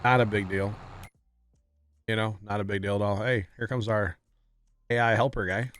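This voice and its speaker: A man's voice: on the low side, steady tone, moderate pace, a bit bright, no echo. A man livestreaming a farming game, chatting casually with his viewers and often apologizing with a laugh. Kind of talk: casual gameplay commentary.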